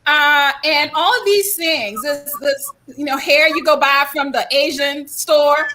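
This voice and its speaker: A middle-aged woman from South Carolina, telling folksy, animated stories on a panel talk and acting out quoted people. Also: sits high, unhurried. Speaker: guest speaker.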